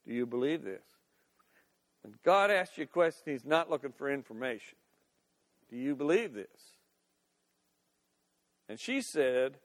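Older male pastor, high voice. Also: very animated, unhurried, long pauses. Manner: conversational, acts out scenes in different voices. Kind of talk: sermon with scripture reading.

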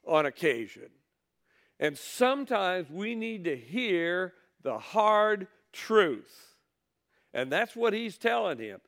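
A man's voice: fairly high pitch, fairly bright tone. A man preaching a sermon, reading scripture aloud and then retelling it in blunt, folksy words.

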